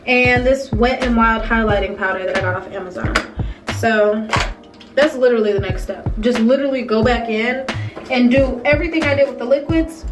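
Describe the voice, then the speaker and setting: A beauty vlogger in her twenties chats playfully through a casual makeup tutorial in her bedroom, speaking straight to viewers. Her fairly high voice moves at a normal pace, picked up by a distant mic with music behind.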